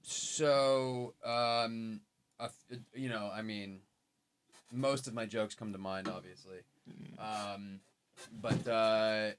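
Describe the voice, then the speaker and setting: A man, a comedian guest on a podcast, talking hesitantly with many pauses and fillers. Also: fairly low pitch, slight background noise. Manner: hesitant, full of ums and restarts. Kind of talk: casual comedy podcast chat.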